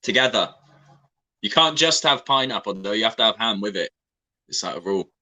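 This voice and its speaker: A playful man from Wales chats as a guest on a video call and laughs easily. His voice is bright, and his pitch moves up and down a lot. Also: expressive, brisk. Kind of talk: casual chat on a video call.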